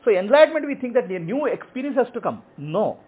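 Brief: male teacher, high lively voice, husky, checks "okay?" often. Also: fast talker. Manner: explains in short repeated phrases, checking with "okay?". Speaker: spiritual teacher. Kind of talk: teaching answering questions. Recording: tinny phone-like audio.

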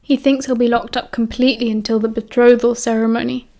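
A woman's voice: fairly high pitch, flat delivery, brisk, warm tone, natural voice. A woman with a British accent voicing a cheerful, confident teenage schoolboy wizard with a breezy, reassuring way of talking. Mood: easygoing.

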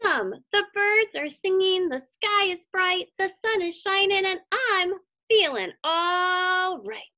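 A woman voicing an annoyed little squirrel in a read-aloud storybook, drawing her words out slowly. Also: very high-pitched, animated, bright, forceful tone, voice pushed up, heavily acted. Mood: delighted. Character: frustrated little squirrel short of acorns.

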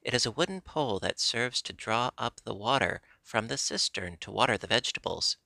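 A man's voice: mid-range voice, expressive, fairly quick, creaky, sharp tone, no echo, clean studio sound. A man voicing a blunt, scoffing older gardener in a storybook reading. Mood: businesslike. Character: gruff mocking older male gardener.

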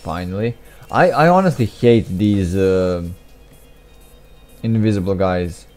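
A man's voice: low voice, animated, takes it slowly, darkish tone. A young man giving casual gameplay commentary, mumbling, restarting his sentences and putting himself down. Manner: mumbly, self-deprecating, frequent restarts and asides. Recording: faint game music behind.

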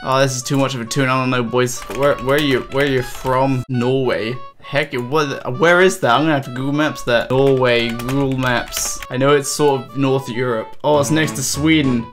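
Excitable young man doing gameplay commentary. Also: mid-range voice, normal speed, over music. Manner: excitable, giggly, reads chat messages aloud. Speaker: gaming video host.

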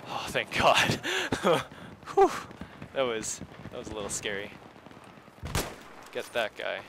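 A man's voice: on the low side, lively intonation, slow pace, creaky, noisy background. A man giving live gameplay commentary as a video host, talking casually to his viewers, muttering asides and breaking into sudden exclamations. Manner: casual, chatty, talks straight to viewers.

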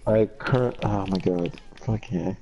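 A man from Canada chatting casually with friends while gaming, excitable and swearing a lot. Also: lowish voice, measured pace, gravelly, a little hiss or hum, low-quality recording. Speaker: gamer.

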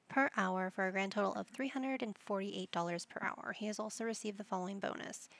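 A woman's voice: mid-range voice, creaky. A woman giving casual commentary over her life-simulation gameplay, chatting to her game characters as she plays. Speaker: gameplay channel host.

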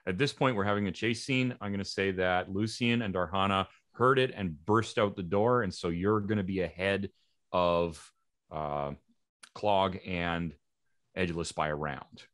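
Deep-voiced man running a tabletop game. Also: a bit bright, no room sound, clean studio sound. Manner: halting, searching for words. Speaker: game master. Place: live event room.

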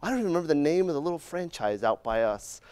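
A middle-aged man speaks at a conference in a slightly higher register than most men. His delivery is loose and conversational, full of jokes and asides. He keeps checking in with the room with a quick "right?". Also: expressive, darkish tone, clear, resonant tone. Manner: joking, conversational, often adds "right?". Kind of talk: humorous conference talk.

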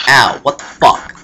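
Rambling young man over loud game music. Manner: rambling, crude jokes, sudden yelps. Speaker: let's play gamer. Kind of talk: casual game commentary. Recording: game music playing loudly behind.

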